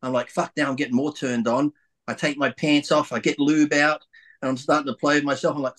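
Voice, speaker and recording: A man's voice: on the high side, brisk. Man telling crude stories. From Australia. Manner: animated, acts out quoted voices, laughs mid-story. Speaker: guest bodybuilder. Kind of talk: crude storytelling chat.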